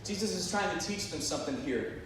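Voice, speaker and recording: A man's voice: high-pitched, lively intonation, brisk. A man giving a playful, jokey youth sermon and talking back and forth with his audience. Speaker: youth pastor. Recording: echoey hall picked up from far off.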